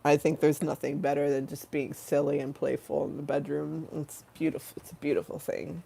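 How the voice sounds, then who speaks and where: A woman's voice: low voice, level tone, brisk, vocal fry, mellow, slightly rough. A woman chatting on an impromptu live stream, swearing freely and breaking into giggles. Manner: profane, giggly and silly; breaks into laughing fits.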